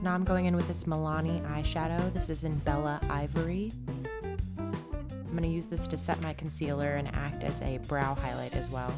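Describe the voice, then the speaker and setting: A woman's voice: deep voice, steady tone, moderate pace, over loud music. A young woman chatting casually through a makeup tutorial, rambling with lots of ums and likes. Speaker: beauty vlogger.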